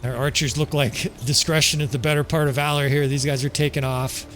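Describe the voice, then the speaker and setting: A man's voice: on the high side, little pitch movement, fairly quick, fairly bright tone, faint music behind. A man giving casual strategy game commentary, joking and swearing as he plays, chuckling often. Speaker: gameplay commentator.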